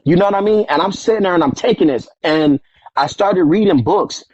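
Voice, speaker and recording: Casual man spinning stories, acts out the quotes, slangy, kinda high-pitched. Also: brisk, dry recording, muffled recording. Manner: animated, acts out quoted voices, street slang. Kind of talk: casual storytelling conversation.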